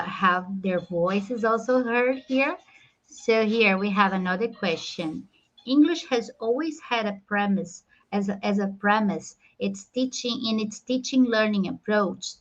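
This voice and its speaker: A woman moderates a panel and reads audience questions aloud in a careful, halting way. Her voice sits in a middle range. The recording sounds dull and lo-fi. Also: mid-range voice. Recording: dull lo-fi audio.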